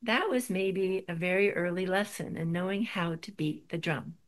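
Woman, middle-aged, slightly low voice, spiritual talk, wry self-deprecating storytelling. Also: normal speed.

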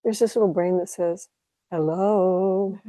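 A woman teaching meditation to an audience, speaking calmly and reflectively with light laughs. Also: lowish voice, a little slow, no room sound, low-quality recording. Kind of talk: dharma talk to an audience.

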